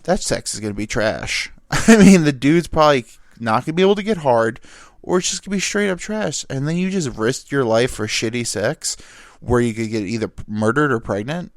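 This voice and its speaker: A man's voice: medium pitch, animated, moderate pace, dry recording, studio quality. A young man telling crude, self-deprecating stories alone in a rambling, joking way as a podcast host. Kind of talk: solo comedic storytelling. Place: alone in a small dry room.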